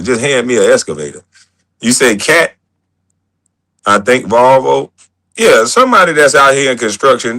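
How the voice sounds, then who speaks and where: Lively, profane man on a livestream. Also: medium pitch. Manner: loose, profane, joking and laughing. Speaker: livestream host. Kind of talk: casual livestream chat.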